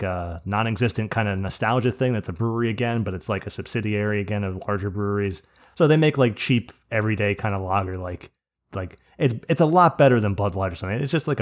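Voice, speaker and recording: Man, podcast host, rambling and profane, lowish voice. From New Jersey. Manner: rambling, profane, frequent restarts and laughs. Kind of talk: casual podcast storytelling.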